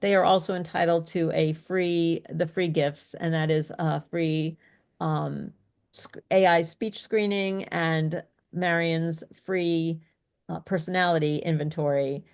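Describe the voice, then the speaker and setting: A woman's voice: sits low, fairly even intonation, slow pace, darkish tone, clean tone. A woman speech coach teaching an online workshop in an explanatory, coaching way over a video call.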